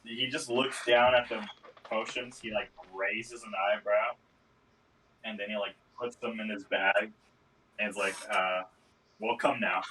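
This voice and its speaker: Low-voiced man player, off-mic. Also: flat delivery, a little slow, sharp tone, far from the mic, poor audio. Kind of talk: casual tabletop game chat. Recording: voice off-mic with faint hiss.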